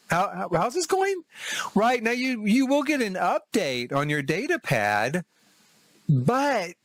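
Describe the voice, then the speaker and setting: A middle-aged man talks through his trip in a relaxed, chatty vlog. His voice sits a little high and moves a lot, and it is recorded close and dry, with little room sound. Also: no echo. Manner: chatty and enthusiastic, laughs often. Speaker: travel vlogger. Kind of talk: casual review monologue.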